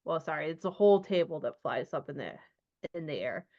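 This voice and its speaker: A woman's voice: sits low, expressive, fairly quick, darkish tone. A woman narrating a tabletop horror game as game master, loose and chatty, with many ums and likes. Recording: dull lo-fi sound.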